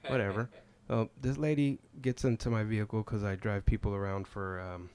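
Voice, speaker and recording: A man's voice: on the low side, fairly even intonation, a little fast, a little mellow, smooth. A man doing an open mic stand-up set, self-deprecating and chuckling at his own jokes, on a comedy club stage mic.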